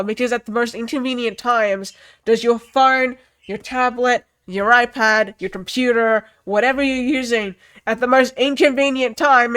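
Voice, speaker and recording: Animated young woman ranting about a film. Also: sits high. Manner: animated, swears freely, many fillers. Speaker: film reviewer. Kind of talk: casual spoken film rant.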